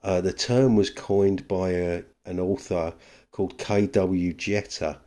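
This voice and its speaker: Slow, deep-voiced male caller. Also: steady tone, dark tone. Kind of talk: voicemail message.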